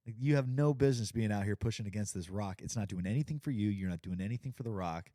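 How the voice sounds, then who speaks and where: A man voicing a mocking devil who taunts a laboring man, hushed and scornful. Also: on the low side, fast talker, no room sound, clean studio sound, natural voice. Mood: taunting.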